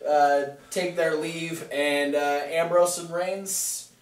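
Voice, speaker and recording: A man's voice: fairly high pitch, steady tone, takes it slowly, far from the mic. A man casually recapping wrestling with a co-host, retelling scenes and mimicking the wrestlers' lines. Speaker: podcast co-host. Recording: echoey room, voice off-mic.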